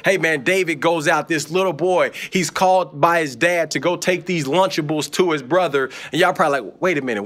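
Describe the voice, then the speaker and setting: A man's voice: fairly high pitch, sharp tone. A man preaching a sermon in a conversational, encouraging way with playful asides.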